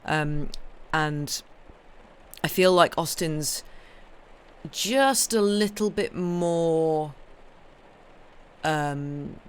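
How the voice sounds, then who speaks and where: A woman's voice: low-pitched, drawn-out words, pauses often, clear, resonant tone. A woman who streams herself reading novels aloud, chatting casually and rambling, full of ums and restarts. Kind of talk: casual chat on a live stream.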